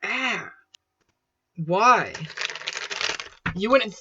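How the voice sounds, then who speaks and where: A man's voice: sits high, expressive, very slow, lo-fi sound, noisy background. A young man rambling casually and swearing as he unboxes and sets up a microphone at home. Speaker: video creator. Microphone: desk microphone being set up.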